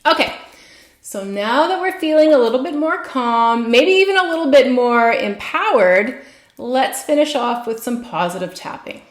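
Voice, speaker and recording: A woman practitioner giving gentle, soothing guided tapping instruction. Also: high voice, animated, normal speed, roomy sound.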